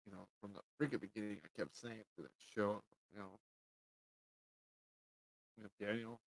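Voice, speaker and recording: A man's voice: lowish voice, fairly even intonation, moderate pace, gravelly, no room sound, poor audio. A man ranting sarcastically and profanely in a casual review, a little tipsy. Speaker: TV show reviewer.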